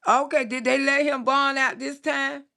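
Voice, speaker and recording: Gravelly, high-voiced woman in her sixties. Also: fairly even intonation, normal speed, bright, forceful tone. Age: 60s. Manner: blunt, salty, laughs often, scolding storyteller. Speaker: comedian live-streamer. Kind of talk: casual live-stream chat reading viewer comments.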